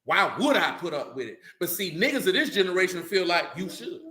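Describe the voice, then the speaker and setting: In a roomy, echoing recording, a religious group speaker talks casually and without a script. His high, sing-song voice moves a little fast with a sharp tone, and he's blunt, profane, and keeps asking "you know what I'm saying."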